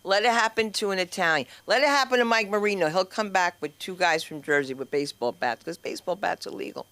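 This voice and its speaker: A woman comedy teacher hosting an open mic from the stage of a small club. She talks bluntly and brashly, swears freely and rolls quickly from one anecdote into the next. Her voice is bright and forward on a handheld mic. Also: on the low side, dry recording. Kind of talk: open-mic stand-up banter.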